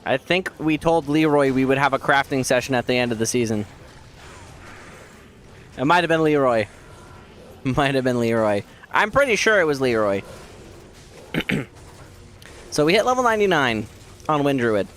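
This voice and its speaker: A man's voice: mid-range voice, lively intonation, normal speed, long pauses, fairly bright tone, slight background noise. A man streaming a game, chatting casually and rambling with his viewers while his throat keeps catching. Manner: rambling, chatty, talks to chat. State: scratchy throat, coughing and clearing throat. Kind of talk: casual gaming stream chat.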